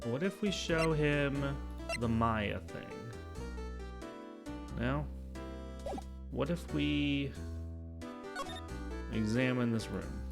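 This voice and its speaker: A man's voice: medium pitch, extremely slow, vocal fry, long pauses, over music. A man casually thinking aloud while playing through a story game. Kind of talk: casual let's-play commentary.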